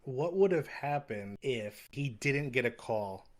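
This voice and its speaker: A young man with a medium-pitched, expressive voice speaks slowly as a podcast co-host. Laid-back and rambling in casual chat, he often chuckles while retelling scenes.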